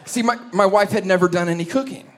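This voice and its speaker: A pastor preaching a sermon, telling a funny story in an animated way. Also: male voice, sits high, fast, a faint crowd.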